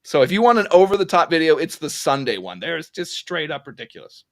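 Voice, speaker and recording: A man's voice: on the high side, fairly quick, no echo. A man co-hosting a casual podcast, telling stories with lots of laughs and filler "like". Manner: animated, laughing storyteller. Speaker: podcast co-host. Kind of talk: casual chat.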